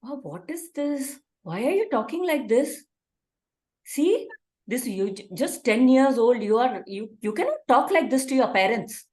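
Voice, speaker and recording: A woman's voice: a little high, expressive, a little slow, a little mellow, pitched above the performer's own voice. Woman playing a strict scolding mom. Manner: scolding, lecturing. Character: strict scolding mother of a ten-year-old. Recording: echoey room.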